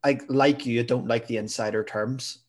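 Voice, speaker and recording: A man co-hosting a podcast, chatting casually in a measured way that hedges his views. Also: mid-range voice, fairly even intonation. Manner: measured, hedging with "I suppose" and "kinda". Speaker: podcast co-host. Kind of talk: casual chat.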